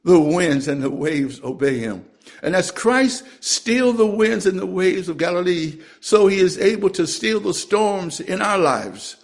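A man delivering a sermon, reading scripture in a fairly high voice. He speaks slowly and deliberately and lets his pitch sink at the close of each phrase. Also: animated. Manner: slow, deliberate, drops pitch at phrase ends. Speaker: preacher.

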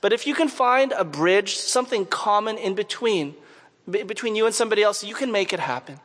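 High-voiced preacher in a reverberant hall. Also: male voice, animated, brisk, a bit bright. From Canada, Montreal. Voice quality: conversational, asks the audience questions. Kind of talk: sermon with personal storytelling.

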